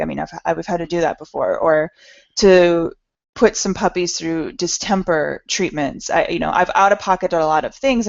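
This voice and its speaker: A middle-aged woman talks candidly to an audience about what drives her, self-deprecating and a little halting as she restarts her sentences. Her voice sits low with a gravelly edge, and the recording is dull and lo-fi. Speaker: speaker at an entrepreneur meetup. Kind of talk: personal talk to an audience.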